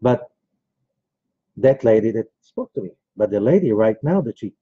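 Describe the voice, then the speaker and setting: With a fairly low, expressive voice and a moderate pace, a rabbi runs a class in a loose, rambling way, weaving in personal stories and asides. The recording is dull and lo-fi, with slight background noise.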